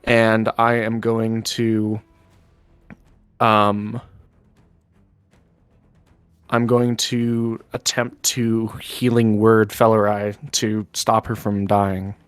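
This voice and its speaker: A man's voice: lowish voice, level tone, takes it slowly, clean tone, dry recording, faint music behind. A man playing a tabletop game, thinking aloud about his moves with many fillers. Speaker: player.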